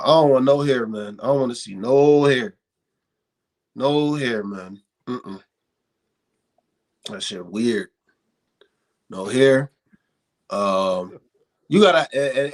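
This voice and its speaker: Animated, swearing man telling stories. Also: fairly high pitch. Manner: animated, profane storytelling, emphatic repetition. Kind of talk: casual podcast chat.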